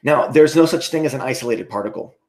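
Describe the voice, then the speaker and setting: A man's voice: medium pitch, fast, a little mellow. A man livestreaming an angry, profane rant, ending most points with "okay?".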